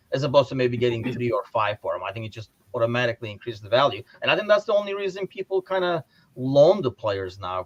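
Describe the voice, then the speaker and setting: Animated man hosting a lo-fi livestream. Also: mid-range voice. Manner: animated, rambling with restarts, reads out viewer comments. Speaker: podcast host. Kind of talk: casual livestream sports chat.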